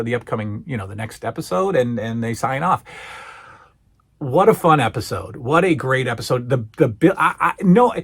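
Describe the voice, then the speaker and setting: A man hosting a podcast, retelling a show in an enthusiastic, casual review and often restarting his words. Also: medium pitch. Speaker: podcast host.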